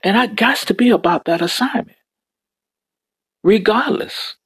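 Fervent, husky-voiced male preacher. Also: high voice, unhurried, a bit bright, no echo. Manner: fervent, exclamatory, repeats phrases, bursts into tongues. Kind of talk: sermon.

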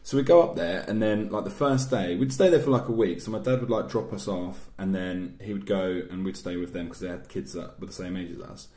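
A man's voice: sits low, a little fast, few pauses, mellow. A young man telling stories in casual chat, swearing freely and joking. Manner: banter-heavy storyteller, swears freely. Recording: echoey room.

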